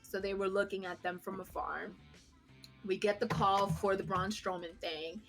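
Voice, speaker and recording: A woman co-hosting a podcast who tells a story in a casual, animated way, swearing freely and poking fun at herself. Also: medium pitch, moderate pace, music in the background. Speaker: podcast co-host.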